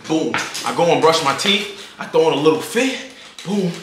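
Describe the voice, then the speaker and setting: A man's voice: fairly high pitch, lively intonation, normal speed, heavy background noise. A young man telling a story to his viewers in a casual, hyped way, heavy on slang and constantly checking in with the listener. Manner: hyped, slangy, keeps asking "you feel me". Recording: roomy echo.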